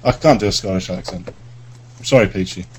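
Husky, hesitant male caller. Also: low voice, fairly quick, darkish tone, poor audio. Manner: hesitant, lots of ums. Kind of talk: call-in chat.

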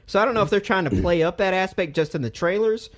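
A young man riffing about video games with a lively voice that jumps up and down in pitch. He swears freely and laughs easily. His voice sits a little high for a man. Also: fast talker. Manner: animated, profane, laughs often. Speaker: podcast host. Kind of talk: casual gaming chat.

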